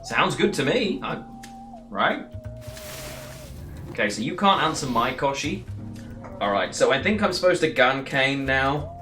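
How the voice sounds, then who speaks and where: A man's voice: mid-range voice, sing-song, unhurried, long pauses, pushed and bright, soft background music. A man giving casual, rambling gameplay commentary while streaming and answering chat between plays. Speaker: streamer playing a card game.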